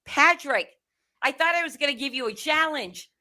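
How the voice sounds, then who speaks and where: A woman's voice: high voice, lively intonation, normal speed, sharp tone, dry recording. A woman hosting an interview, chatty and a bit flustered. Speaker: host. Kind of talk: casual chat.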